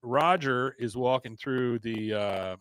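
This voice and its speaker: A man's voice: mid-range voice, slow, a bit bright, clean tone, no room sound. A man hosting a podcast, recapping a show in a loose, chuckling storytelling way. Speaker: podcast host. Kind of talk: casual episode recap.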